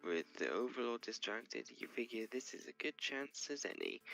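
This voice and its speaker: Gravelly lively voice reading game text. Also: mid-range voice, normal speed, few pauses, soft background music, low-quality recording.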